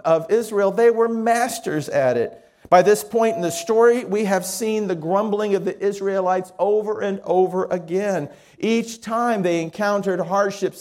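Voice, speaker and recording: A man's voice: sits high, darkish tone. A man preaching a sermon as pastor, talking in an easy, conversational way and reading quotations aloud.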